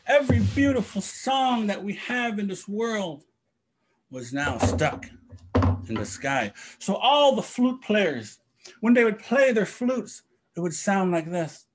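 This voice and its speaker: A male storyteller with a high, lively voice that swoops widely as he tells a traditional tale. He takes his time and acts out the story with spoken sound effects. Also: slow pace, a little hiss or hum. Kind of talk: oral storytelling for young people.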